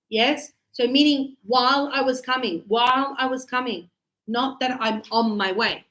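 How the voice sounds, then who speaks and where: A woman's voice: high-pitched, steady tone, moderate pace, fairly bright tone, poor audio. A woman teaching an English grammar class, chatting loosely and telling stories from her own life. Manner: chatty, tells anecdotes, repeats words. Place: classroom in Sydney.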